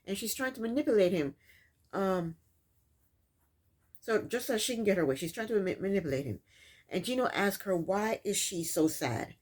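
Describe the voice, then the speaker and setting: A woman's voice: medium pitch, lively intonation, normal speed, long pauses, darkish tone, slightly rough. A woman hosting a casual recap of a reality show, telling the events in her own words and scolding the people in it. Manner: sassy, scolds the people on screen.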